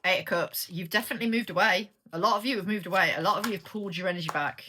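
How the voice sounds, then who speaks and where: A woman's voice: medium pitch, rapid-fire, sharp tone, a little hiss or hum. Blunt, sweary British woman reading tarot. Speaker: tarot reader. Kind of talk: casual tarot reading to camera.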